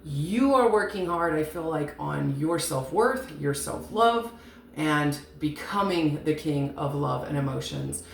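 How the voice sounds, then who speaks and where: A woman's voice: low-pitched, lively intonation, a little slow, vocal fry. A woman giving a casual, rambling tarot reading, frank and chatty, swearing now and then. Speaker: tarot reader. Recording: echoey room with faint hiss.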